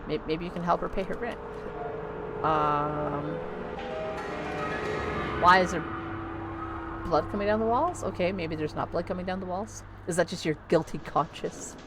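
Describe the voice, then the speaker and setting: A woman's voice: lowish voice, a little slow, long pauses, over loud music. A woman streaming a horror game live, joking and reading the dialogue aloud in a playful way. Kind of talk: casual live gameplay commentary.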